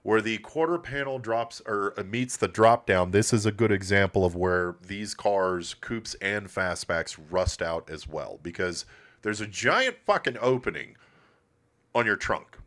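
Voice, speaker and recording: A man with a lowish, expressive, slightly bright voice speaks a little slowly while hosting a classic car livestream from his shop. His casual live talk is blunt and full of swearing.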